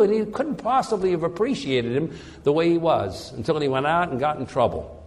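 Man, preacher, earnest sermon, stumbling repeats, somewhat high voice, reverberant hall. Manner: earnest, repeats words while searching for phrasing.

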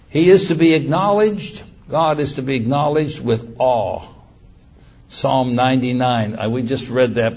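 A man preaching a sermon in an animated way, moving from quiet asides to loud, emphatic scripture quotes. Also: medium pitch.

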